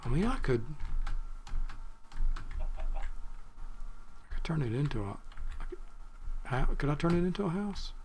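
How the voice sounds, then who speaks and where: A man's voice: on the high side, sing-song, measured pace, long pauses, darkish tone, slight background noise. A man giving rambling, chatty commentary while playing a video game, thinking aloud and drifting off topic. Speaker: gaming video creator. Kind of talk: rambling let's-play commentary.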